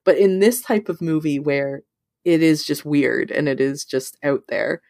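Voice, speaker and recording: Animated woman in casual movie chat. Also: a little slow, creaky, dry recording, studio quality. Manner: animated, pitch leaps on quoted thoughts, many "like" fillers. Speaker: podcast co-host.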